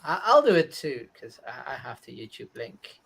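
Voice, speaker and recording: A man's voice: mid-range voice, sing-song, normal speed, creaky, a bit bright, breathy edge. A man hosting a casual online chat with friends, easygoing, stumbling over words and laughing often. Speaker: host.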